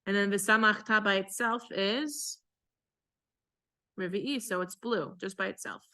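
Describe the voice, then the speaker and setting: A woman cantor with a bright, ringing voice leads a class in a synagogue. She explains each chanted phrase in a patient, conversational way. Then she sings the phrase slowly as an example. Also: medium pitch. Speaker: cantor teaching Torah chanting.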